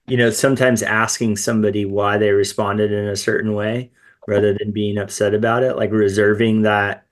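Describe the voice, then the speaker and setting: Man, low voice, little pitch movement, earnest podcast conversation. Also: little pitch movement, normal speed.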